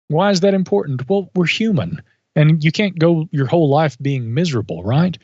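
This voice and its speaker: A man as a podcast guest, telling a story in a thoughtful, measured way with asides and self-corrections. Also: fairly high pitch, lively intonation, darkish tone, dry recording. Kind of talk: reflective storytelling in conversation. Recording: dull lo-fi audio.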